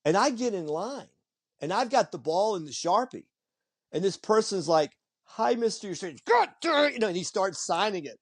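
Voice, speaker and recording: Male podcast host, fairly high voice, animated storyteller who acts out the people he quotes. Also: moderate pace, no echo. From Virginia Beach, US. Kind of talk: casual conversation.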